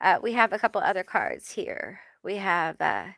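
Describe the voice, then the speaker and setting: A woman's voice: mid-range voice, very animated, normal speed, gravelly, a bit bright, dry recording, studio quality. A woman tarot reader channeling spirit messages live, hesitant and reassuring, often checking in with "okay?".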